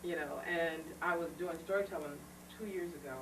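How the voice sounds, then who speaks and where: Expressive woman telling stories to a room. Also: lowish voice, a little fast, distant mic. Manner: chatty, emotional storytelling, laughs often. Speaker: speaker on children's literature. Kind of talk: informal talk to a small audience. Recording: echoey room recorded from afar, noisy.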